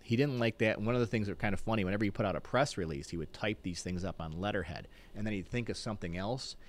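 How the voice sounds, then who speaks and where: Lively, fast-talking low-voiced man. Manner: animated, restarts and repeats words. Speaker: guest, former mayor. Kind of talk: casual storytelling on a talk show.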